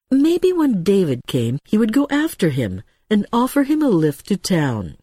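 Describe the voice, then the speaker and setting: A woman narrating a novel as a scripted audiobook reading, with expressive storytelling. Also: fairly low pitch, no room sound, studio quality.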